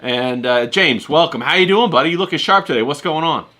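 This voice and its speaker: Man, livestream host, casual chat, lots of fillers, bright tone, fairly high voice. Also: lively intonation, fairly quick. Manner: easygoing, filler-heavy, laughs often.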